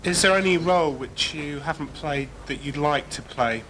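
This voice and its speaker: A man in the audience asks a short, plain question. His voice is bright and slightly raised, with faint background ambience behind him. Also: fairly high pitch, moderate pace, slight background noise, rough recording. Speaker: audience member asking a question.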